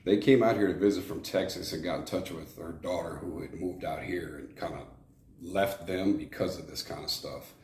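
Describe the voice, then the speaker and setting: In a low, slightly mellow voice at a moderate pace, an Arizona man who once ran things in prison recounts his life openly for an interviewer. His telling wanders, full of fillers and false starts, and the room echoes with a faint hiss of noise.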